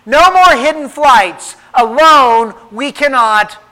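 A man voicing an old king and father who speaks gravely and tenderly in a storybook reading. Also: very high-pitched, animated, slow pace, pushed and bright, exaggerated voice, rough recording. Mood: commanding.

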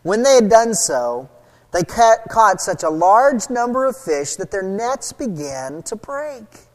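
A man preaching a sermon, retelling a story with lively, acted-out voices for the people in it. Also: high-pitched, slow pace. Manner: animated storytelling, acting out quoted voices. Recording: long hall reverb.

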